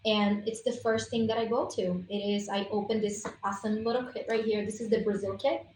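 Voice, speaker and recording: Brisk and a little mellow, a woman's steady, mid-range voice delivers an enthusiastic, chatty talk on essential oils as a guest presenter. The video-call live stream has a little hiss or hum, a roomy echo, and faint room ambience.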